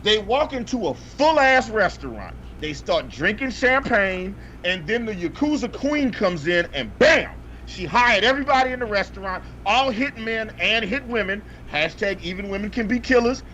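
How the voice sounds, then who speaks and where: A man's voice: sits high, animated, moderate pace, hardly any pauses, sharp tone. A man co-hosting a podcast, ranting comedically about a bad film with profane, exasperated outbursts and repeated punchlines. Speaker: podcast co-host reviewing movies. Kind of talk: comedic ranting movie review. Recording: dull lo-fi audio with faint noise.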